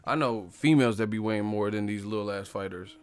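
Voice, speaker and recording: A man's voice: on the low side, quick pace, clean tone. A man hosting a boxing channel, riffing in a loose, profane comedic rant and laughing often. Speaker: boxing commentator.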